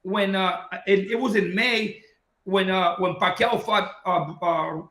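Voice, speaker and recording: A man with a bright, high-pitched voice tells a long boxing story in casual talk. He acts out each person's lines as he goes. The room around him is echoey. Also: slow pace. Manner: animated anecdote-telling, acting out quoted dialogue. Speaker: boxing trainer.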